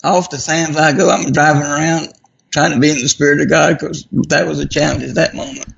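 A man with a deeply gravelly, raspy voice tells a personal story. He talks in a folksy, self-mocking way. The recording sounds dull and lo-fi. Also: little pitch movement, a little fast, a bit bright. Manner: folksy, self-deprecating humor. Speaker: guest.

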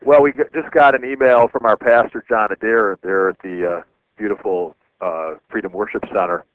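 A man's voice: lowish voice, fairly even intonation, slight background noise. A man hosting a talk radio show, reading listener emails aloud with frequent "uh" fillers. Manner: halting, many "uh" fillers. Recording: dry phone-line sound.

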